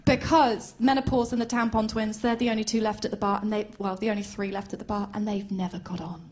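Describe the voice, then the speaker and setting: A woman doing stand-up comedy, chatty and animated, laughing along as she tells a story and puts on voices. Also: medium pitch, fast. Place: comedy stage before an audience.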